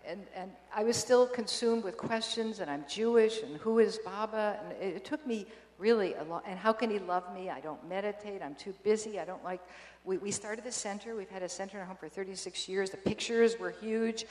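An older woman telling a personal story to an audience, animated and emotional, with many restarts and bursts of laughter. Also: medium pitch, fairly quick. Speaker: speaker giving a personal testimony. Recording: echoey hall with long reverb.

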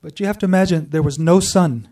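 Speaking to a gathered group, this man shares his own spiritual story in an earnest way, often pausing and starting over. The mic is far off, and his mellow voice runs a little high.

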